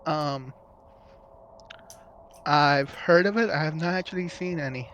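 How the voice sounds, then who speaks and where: A man playing a tabletop game, musing and hesitant with many pauses. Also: fairly high pitch, fairly bright tone, highs cut off, slight background noise. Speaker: player. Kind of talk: casual tabletop play.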